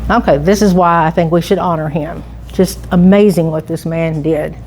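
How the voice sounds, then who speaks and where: A woman's voice: low-pitched, fairly even intonation, moderate pace, a little mellow, slight background noise. Chatty woman telling local history. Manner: chatty storyteller, frequent restarts and asides. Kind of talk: informal public talk.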